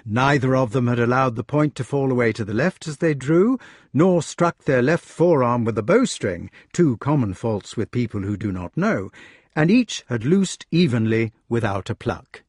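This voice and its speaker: A man narrating an audiobook with expressive storytelling. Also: medium pitch, normal speed, husky, dry recording, studio quality.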